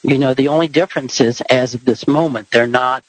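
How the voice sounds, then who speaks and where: A man's voice: medium pitch, fairly quick, no room sound, rough recording. A man co-hosting a podcast in casual chat, mostly short agreements and wry asides.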